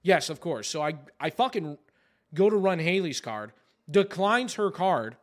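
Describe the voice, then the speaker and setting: A man's voice: on the high side, animated, a little slow. A man, a podcast co-host telling a story in casual chat, with a profane, exasperated delivery.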